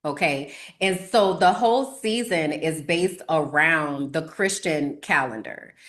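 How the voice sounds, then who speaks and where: A woman's voice: low voice, echoey room. A woman from New Orleans with a local accent, hosting a casual livestream and chatting directly with viewers in a teasing way. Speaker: podcast host.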